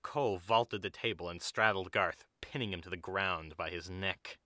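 Male narrator, low voice, bright tone, dry close mic. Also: moderate pace, dry recording. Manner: even, storybook delivery. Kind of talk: scripted narration.

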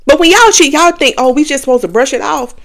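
A young woman hosts a podcast, chatting candidly and casually with her viewers and laughing often, in a confessional style. Her voice is high, creaky and a bit bright, with lively intonation and a quick pace.

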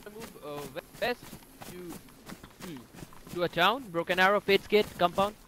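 A man, playing along and calmly giving directions in casual game chat. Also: sits high, a little slow. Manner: laid-back, giving directions. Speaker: fellow player. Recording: noisy background.

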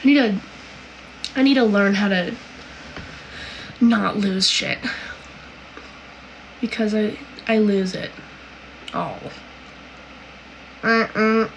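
A woman's voice: medium pitch, takes it slowly, long pauses, a little hiss or hum, rough recording. A woman from Canada hosting a casual livestream, reading viewer comments aloud and answering them in a chatty, giggly way full of "like"s and "um"s.

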